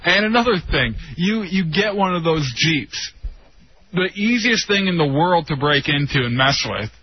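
A man's voice: fairly high pitch, animated, moderate pace, breathy edge. A young man co-hosting a radio show, talking in a blunt, teasing, matter-of-fact way. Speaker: radio co-host. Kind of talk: casual radio chat. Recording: dull lo-fi radio sound.

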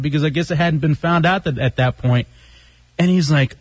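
A man's voice: a little high, normal speed, husky, no echo. Male radio host, casual and joking, reads lines aloud; dry close mic.

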